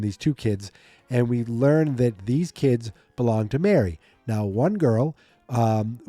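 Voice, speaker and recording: Male podcast host, mellow tone, dry close sound, loose rambling recap delivery. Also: medium pitch, no room sound. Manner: rambling, self-correcting, mock-quoting characters. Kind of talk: casual episode recap.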